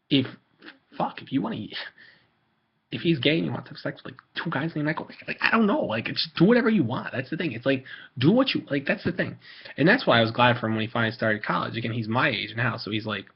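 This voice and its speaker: A man's voice: mid-range voice, vocal fry, slightly rough, dull audio. A teenage boy ranting casually on a vlog, rambling with lots of fillers, restarts and swearing. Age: teens. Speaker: video maker.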